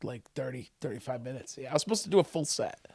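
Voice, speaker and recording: A man, a comedian guest on a podcast, telling a story with a profane, excitable manner and loud acted-out quotes. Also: mid-range voice, quick pace, gravelly. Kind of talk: animated storytelling. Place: podcast studio.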